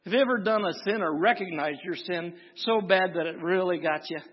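Husky high-voiced man preaching in a hall. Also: a little fast. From Wisconsin. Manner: folksy, humorous storytelling, preaching with rising intensity. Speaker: pastor. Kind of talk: sermon. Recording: dull lo-fi recording with long hall reverb.

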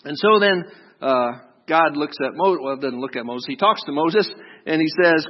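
Casual joking pastor in a reverberant hall. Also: male voice, on the high side, animated, normal speed. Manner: casual, joking, talks straight to the audience. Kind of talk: sermon. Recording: dull lo-fi sound with long hall reverb.

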